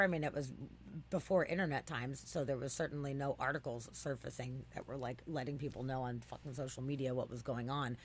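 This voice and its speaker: A podcast co-host telling a story in casual chat, swearing freely and bursting into excited exclamations. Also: brisk, few pauses. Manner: animated, swears freely, jumps into high exclamations.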